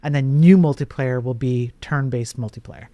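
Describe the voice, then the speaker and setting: A man's voice: mid-range voice, normal speed, mellow, dry recording, highs cut off. A man streaming as he codes, chatting casually and joking, often restarting his sentences. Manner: joking, rambling, trails off in restarts. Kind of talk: casual chat while coding.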